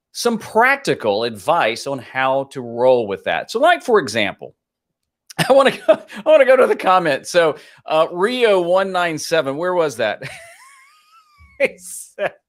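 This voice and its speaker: A man hosts a live stream from his home office studio in a relaxed, chatty way. His pitch moves around a lot as he greets viewers and reads out their comments in an upbeat tone. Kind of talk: casual live stream chat. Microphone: home office studio mic.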